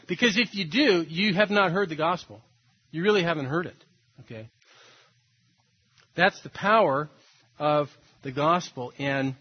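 A man's voice: a little high, breathy edge, muffled recording. A man preaching a sermon as pastor, acting out the voices of others and rising to emphatic peaks.

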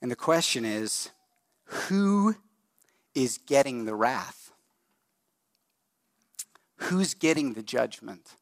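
In a church sanctuary, a middle-aged pastor with a medium-pitched voice delivers his sermon in a lively, conversational way, shifting his pace to stress points. Audio is clean studio quality without echo.

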